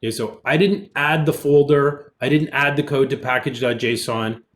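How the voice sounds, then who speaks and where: A man, a college instructor, giving a relaxed online programming lecture, explaining as he goes with fillers, with keyboard typing in the background. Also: mid-range voice, a little fast. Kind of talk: recorded online lecture with screen demo.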